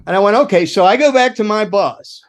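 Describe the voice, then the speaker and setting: A man's voice: high-pitched, expressive, a little fast. An older man, a former roadie, telling rambling, profane road stories in casual chat, laughing and acting out quotes. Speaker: guest, former rock roadie.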